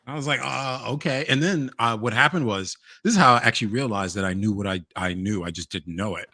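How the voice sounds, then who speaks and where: A man hosting a casual chat, animated and telling stories with plenty of laughter. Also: lowish voice, fast talker, no echo, studio quality. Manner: animated, laughs a lot, storytelling. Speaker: host.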